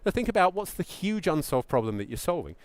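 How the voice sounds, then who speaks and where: A middle-aged man giving a presentation to founders as a pitch coach, emphatic and lively, sometimes acting out what a founder might say. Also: fast, no echo. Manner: animated, emphatic, acts out mock founder quotes.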